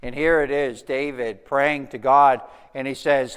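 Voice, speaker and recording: A man's voice: mid-range voice, a little slow, hardly any pauses, smooth, big-room sound. A man preaching a sermon as pastor, talking in a loose, conversational way with frequent restarts. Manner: conversational, animated storytelling with restarts.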